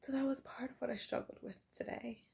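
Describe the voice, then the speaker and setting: A woman's voice: on the high side, steady tone, brisk, creaky, mellow. A young adult woman talking candidly in a confessional diary vlog, reflective and often dropping to a whisper. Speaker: vlogger.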